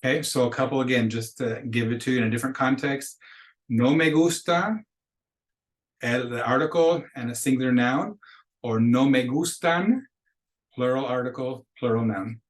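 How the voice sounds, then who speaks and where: A man's voice: medium pitch, fairly even intonation, fairly quick, poor audio. A man teaching a beginner Spanish class, patiently explaining grammar step by step and modeling phrases for the class to repeat. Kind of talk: recorded classroom lecture.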